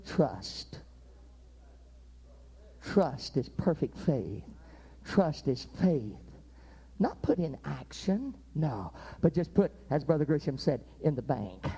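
An older man, preaching a sermon in a folksy storytelling way, with sudden loud outbursts. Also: sits high, sing-song, a little slow, pauses often.

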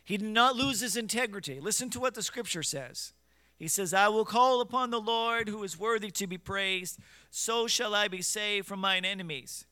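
A man preaching a fervent sermon in a high, bright and clear voice. He moves between quiet scripture teaching and loud, urgent exhortation, scolding his listeners head-on. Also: moderate pace, no echo. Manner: scripture in King James wording, direct scolding of listeners.

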